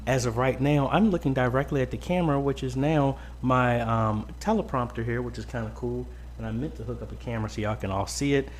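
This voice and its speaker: A man's voice: mid-range voice, fairly quick, hardly any pauses. A man hosting a casual weekly live-stream Q&A from a home studio, greeting viewers by name with lots of ums. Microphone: boom-arm mic close up.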